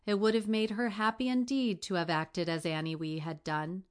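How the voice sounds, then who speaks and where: An audiobook reader, a woman, narrates a classic adventure novel aloud from the script, lightly shifting her voice for the characters' lines. Her medium-pitched voice has little pitch movement, a moderate pace and a clean tone.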